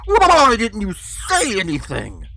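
Old chinless cafe boss yelling and scolding, raspy, swoops all over the place, a man doing it. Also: high-pitched, huge pitch swings, slow, voice pushed up, full character voice. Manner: loud, scolding, shouting. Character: old chinless male cafe proprietor, bossy and brusque.

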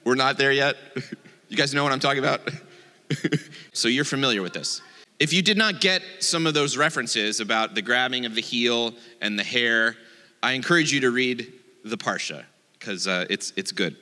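A man's voice: medium pitch, animated, moderate pace, bright, forceful tone, long reverb tail. A man, a rabbi, giving a playful, joking sermon and acting out the voices in his quotes.

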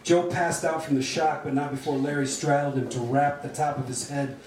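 A man's voice: on the high side, steady tone, moderate pace, a little mellow, a little hiss or hum. A man giving a live reading of crude comic fiction, delivered wryly. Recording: roomy sound from a distant mic.

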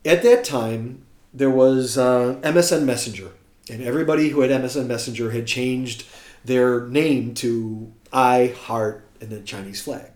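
A guest musician from the United States, speaking at normal speed in a mid-range voice, relates an informal anecdote. He's an animated storyteller who imitates the people he quotes, recorded with a roomy echo.

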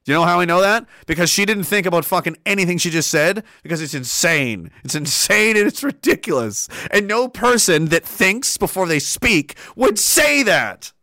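A man's voice: sits high, animated, moderate pace, pushed and bright, dry recording. Sarcastic ranting man. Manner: sarcastic, profane, exasperated, laughs a lot. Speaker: commentator. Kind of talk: ranting comedic commentary.

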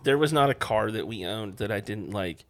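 A man's voice: on the low side, expressive, moderate pace, a bit bright. A young man co-hosting a podcast, telling a rambling story full of "like" fillers and the odd swear word. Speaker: podcast co-host. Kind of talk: casual chat.

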